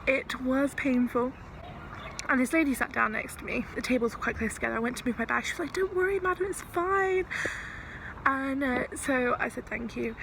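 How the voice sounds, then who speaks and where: A woman's voice: fairly high pitch, fairly even intonation, fairly quick, creaky. A woman chatting to camera as a travel vlogger while walking outdoors, laughing often as she tells stories. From England. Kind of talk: casual vlog chat. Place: outdoors, walking through a windy town. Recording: wind noise on an outdoor camera mic.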